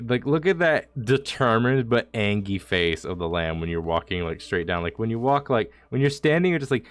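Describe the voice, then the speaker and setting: A man's voice: fairly low pitch, animated, normal speed, hardly any pauses. A man streaming a video game, talking casually in a rambling, jokey way with mock-dramatic lines. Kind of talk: casual gameplay commentary.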